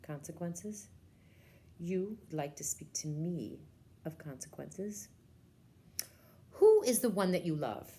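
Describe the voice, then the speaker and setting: A woman voicing a stern, insistent witch who speaks in a cold, hushed way. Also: fairly low pitch, very animated, takes it slowly, pauses often, slight background noise, exaggerated voice. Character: stern, insistent witch counting her gold.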